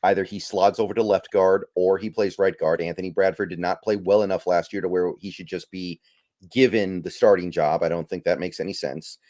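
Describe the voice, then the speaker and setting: A man's voice: sits low, steady tone, fairly quick, darkish tone, no room sound, clean studio sound. A man hosting a casual podcast, easygoing and thinking aloud with trailing fillers as he runs through picks. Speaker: podcast host.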